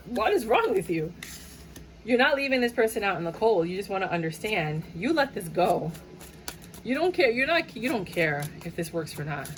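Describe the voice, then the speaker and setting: A woman giving a lively, casual tarot reading, playful and chatty, slipping into quick impressions of the people she describes. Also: lowish voice, a little hiss or hum, low-quality recording. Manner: animated, playful, sings and mimics clients' voices. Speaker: tarot reader.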